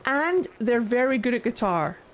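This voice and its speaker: An Irish woman streaming a video game, chatting excitedly with jokes and swearing in casual let's-play commentary. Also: on the high side, normal speed, a little hiss or hum. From Ireland. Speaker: gaming streamer.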